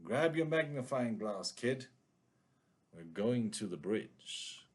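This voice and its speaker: A man's voice: on the low side, expressive, slow pace, voice pushed down. A man reading a noir story aloud in the voice of a hard-boiled male detective, with clipped, brooding narration. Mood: tough.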